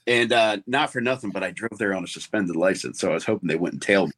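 A man's voice: low-pitched, quick pace, fairly bright tone, a little hiss or hum. A man, a comedian guest rambling through a story in casual chat with lots of fillers.

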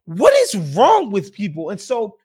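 High-voiced man ranting on a podcast. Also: wildly swooping pitch, a little slow, darkish tone, slightly rough. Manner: emphatic, profane, ranting. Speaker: podcast host. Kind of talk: casual opinionated chat.

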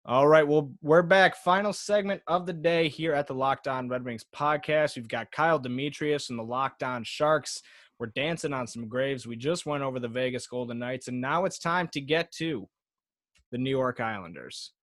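A man's voice: medium pitch, moderate pace, a bit bright, no room sound, clean studio sound. A man hosting a sports podcast, talking loosely with lots of fillers and restarts. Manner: loose and hesitant, many fillers. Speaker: podcast host. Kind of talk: casual sports podcast chat.

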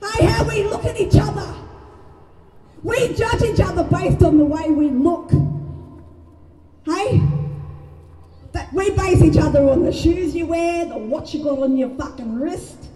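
A woman with a strong Australian accent shouts an impassioned speech to a gathered crowd, her voice pitched very high yet mellow in tone. She talks rawly and swears freely. The sound is echoey and distant from the mic, with a murmuring crowd and faint music behind. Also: a little slow, pauses often. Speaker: mother speaking at a rally.

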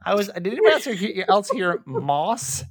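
A young man hosting a podcast in casual chat, animated and laughing, with frequent stammered restarts. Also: sits high, fast, husky, dry recording, studio quality. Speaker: podcast host.

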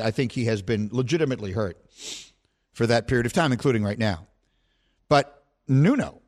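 A male sports talk host who debates award votes in a lively, emphatic way. He often breaks off and restarts his sentences, then pushes hard on his point. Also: mid-range voice. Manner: animated, emphatic, self-correcting.

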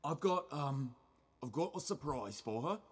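A man's voice: mid-range voice, expressive, a little slow, breathy edge. A man playing an eager, rambling old circus ghost in an improvised comedy scene. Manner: hesitant, rambling with many ums.

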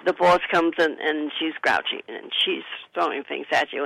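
An author talking about her book, coaching listeners gently and acting out soothing sample replies. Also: mid-range voice, moderate pace, creaky, dry recording, poor audio. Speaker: author and guest. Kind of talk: conversational advice talk.

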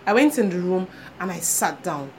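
A woman's voice: on the low side, lively intonation, normal speed, a little mellow. A woman co-hosting a chat show, telling a story with animation and acting out the people she quotes. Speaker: podcast co-host. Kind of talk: casual chat. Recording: faint background noise.

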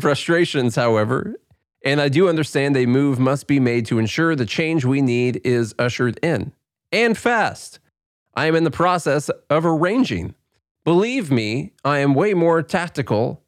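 A man's voice: a little high, expressive, moderate pace, no room sound, clean studio sound, natural voice. A man reading out a brash adult male fighter's angry statement in a raised, emphatic voice, without attempting an accent. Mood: defiant.

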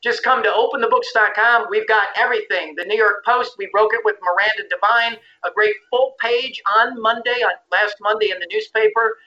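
A man, a founder appearing as an interview guest, speaking in a brisk, matter-of-fact way. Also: high-pitched, fairly even intonation, lo-fi sound.

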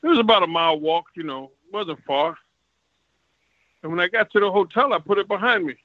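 Bright-voiced man telling fight stories. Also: sits high, fairly quick, no room sound, muffled recording. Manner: animated, acts out quoted exchanges. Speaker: retired boxer, guest. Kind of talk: casual storytelling interview.

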